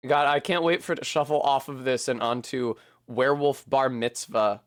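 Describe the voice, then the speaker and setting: A man's voice: mid-range voice, fairly even intonation, moderate pace, dry recording, clean studio sound. A man rambling casually and poking fun at himself while streaming a video game, swearing now and then. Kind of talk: casual commentary while playing.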